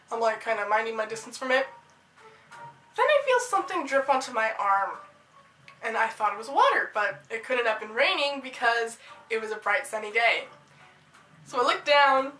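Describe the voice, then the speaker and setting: A woman telling funny personal stories in an animated storytime vlog, excitable and given to bursts of loud yelling. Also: fairly high pitch. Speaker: storytime vlogger. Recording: echoey room.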